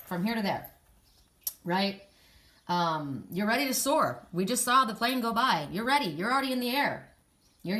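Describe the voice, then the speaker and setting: A woman giving a casual spiritual card reading, talking straight to the listener in a rambling way, with restarts and soft sighs. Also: medium pitch. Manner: emotional, soft and sighing in places. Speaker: psychic card reader.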